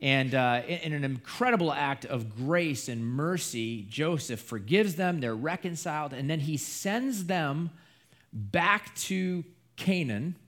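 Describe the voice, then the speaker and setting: Guy preaching, tells the story lively, voice a bit on the high side. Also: slow. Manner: lively storytelling retelling a scripture narrative. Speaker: pastor. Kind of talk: sermon.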